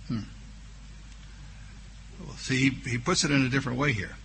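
Reading scripture aloud during a sermon, this man slowly stretches out key words and gives voice to objections his listeners might raise. His medium-pitched voice is a bit bright with vocal fry, and there's slight background noise.

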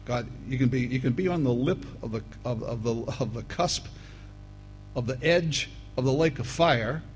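A man preaching a sermon, reading scripture aloud and breaking off to address the listeners as folks, rising now and then to loud emphatic bursts. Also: mid-range voice, moderate pace, soft background music, rough recording.

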